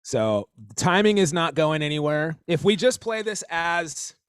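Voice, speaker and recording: A man's voice: fairly high pitch, lively intonation, a little slow, smooth, dry recording. Man explaining drum beats in a dry room. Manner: rambling, counts beats aloud, self-correcting. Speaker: drum teacher and stream host. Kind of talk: casual explanation of drum rudiments.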